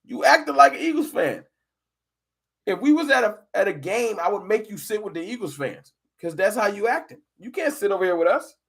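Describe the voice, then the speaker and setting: A man hosting a casual fan live stream, talking football and arguing with chat viewers in an animated, combative way. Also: high-pitched, fairly quick, hardly any pauses, husky. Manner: animated, argumentative, addresses chat viewers directly.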